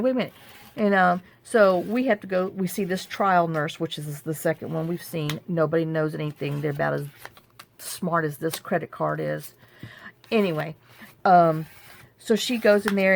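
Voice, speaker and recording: Venting woman, slightly low voice. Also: slight background noise. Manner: venting, frustrated, many restarts. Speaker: journaling crafter. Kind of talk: casual rambling chat. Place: home craft table.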